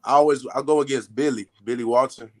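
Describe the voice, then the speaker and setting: A teenage football recruit answering interview questions politely and briefly. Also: male voice, medium pitch, steady tone, fast. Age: teens. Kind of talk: casual interview.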